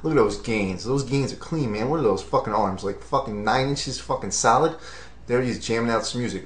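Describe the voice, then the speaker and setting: A man's voice: mid-range voice, fairly quick. Foul-mouthed mocking male commentator. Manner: profane, mocking and hyped. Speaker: comedic commentator. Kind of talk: mock sports commentary over video. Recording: roomy echo.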